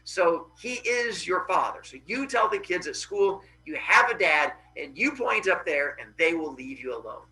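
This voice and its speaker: A calm, reassuring mother from a Greek tale, put on by a man telling the story. She explains things gently and steadily, in a high, bright, lively voice with little disguise. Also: normal speed, few pauses, low-quality recording. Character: patient mother of a teenage boy.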